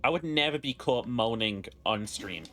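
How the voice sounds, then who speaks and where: A man's voice: mid-range voice, expressive, normal speed, fairly bright tone, slight background noise. A man streaming a video game, joking crudely and chatting with his viewers. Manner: crude, joking, talks to chat. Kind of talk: casual gameplay commentary.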